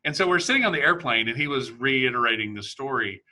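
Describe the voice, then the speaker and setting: Guy hosting a chat, super bright sharp voice, rambles and restarts a lot. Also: mid-range voice, lively intonation, fast talker. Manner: rambling storyteller, many restarts. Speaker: podcast host. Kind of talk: casual conversation.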